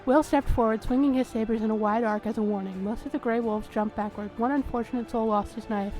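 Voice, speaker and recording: A woman host reading a story game's first-person narration aloud in a steady manner. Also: on the high side, fairly quick, faint music behind.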